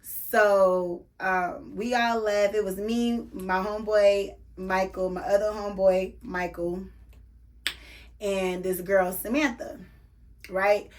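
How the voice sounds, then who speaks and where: A woman, hosting a podcast and telling a story in an animated, slangy way with laughs. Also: medium pitch, slow pace. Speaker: podcast host. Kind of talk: casual storytelling.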